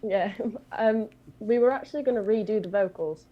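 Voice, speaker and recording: A woman's voice: mid-range voice, normal speed, phone-quality sound. A woman with a British accent, a guest singer chatting casually on a video call and telling a long story with plenty of fillers. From Britain. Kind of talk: casual chat.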